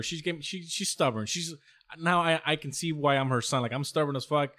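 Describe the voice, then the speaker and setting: Fast-talking young man, swearing casually. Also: a little high, bright, forceful tone. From born outside the US. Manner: swears freely, acts out arguments with his mom. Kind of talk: casual chat.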